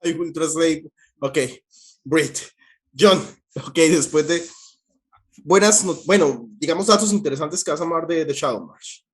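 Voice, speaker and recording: A man's voice: a little high, normal speed. A man hosting an interview, switching between Spanish and English and laughing often. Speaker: host. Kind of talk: casual bilingual interview.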